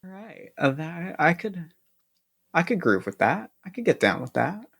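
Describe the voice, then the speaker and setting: A man's voice: fairly high pitch, big pitch swings, creaky, a bit bright, husky, pitched above the performer's own voice, heavily acted. A man playing a laid-back boxy android. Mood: easygoing. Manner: laid-back and halting, with many restarts. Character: broad-shouldered, boxy android loosening up, friendly. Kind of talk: tabletop role-play in character.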